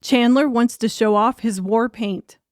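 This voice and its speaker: A woman's voice: a little high, measured pace, dry recording. A woman narrating an audiobook in a wry, crude comic storytelling manner.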